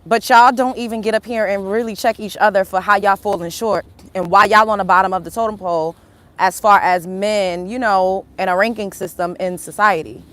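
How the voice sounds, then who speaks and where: A woman's voice: mid-range voice, fairly even intonation, a little fast, fairly bright tone. A young woman with an African American Vernacular English accent, hosting a livestream and ranting emphatically, firing off repeated rhetorical questions in a confrontational way. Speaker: livestream host. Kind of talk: opinionated livestream rant.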